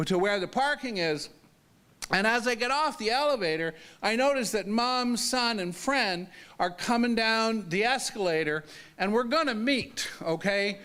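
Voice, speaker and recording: A man's voice: high voice, pushed and bright. An older man giving a talk as a disability advocate, telling a story in a conversational, humorous way and often checking in with "okay?".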